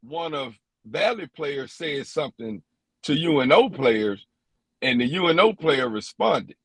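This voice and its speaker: A man's voice: a little high, animated, measured pace, fairly bright tone, husky, no echo. A man, an umpire, recounting a tense game in a podcast interview, quoting exchanges word for word.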